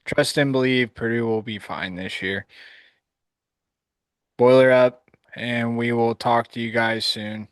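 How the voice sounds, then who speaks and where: A man's voice: medium pitch, steady tone, slow pace, pauses often, smooth, no room sound. A man co-hosting a live sports podcast, laid-back and easygoing, often laughing along with his partner. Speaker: podcast co-host. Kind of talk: live postgame sports chat.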